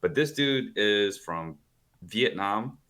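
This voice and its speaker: A man's voice: lowish voice, animated, slow, bright, forceful tone. A man guesting on a podcast over a video call, telling stories in a rambling way, full of "like" and casual swearing. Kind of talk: casual storytelling chat. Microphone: calling in over a video call.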